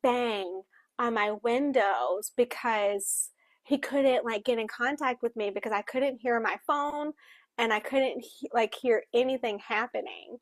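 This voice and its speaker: Slow-talking woman with a dry close sound. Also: on the high side, no echo. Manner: speaks while signing, voicing for a signing co-host; halting, self-correcting storytelling. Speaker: book club co-host. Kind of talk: casual book discussion.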